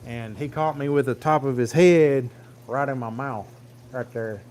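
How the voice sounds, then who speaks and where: A man's voice: medium pitch, measured pace, a little mellow. Folksy man telling a farm story. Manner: rambling, folksy, plain-spoken. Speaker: farm vlogger. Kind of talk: casual livestream storytelling. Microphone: phone camera.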